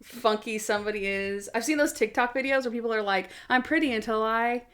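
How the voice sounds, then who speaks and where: A woman's voice: fairly high pitch, brisk. Giggly woman cohost just chatting, acts out scenes as she goes. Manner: giggly, animated retelling of scenes. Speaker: podcast co-host. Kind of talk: casual chat.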